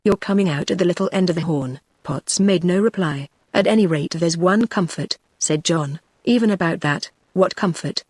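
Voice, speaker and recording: A text-to-speech voice of a woman with a British accent, reading a novel aloud in an even, measured way. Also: lowish voice, breathy edge, no echo. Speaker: audiobook narrator.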